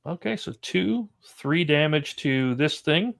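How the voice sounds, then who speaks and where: Male game master, slightly high voice, casual combat narration over dice rolls. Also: lively intonation, takes it slowly, vocal fry, a bit bright. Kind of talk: running a tabletop horror game.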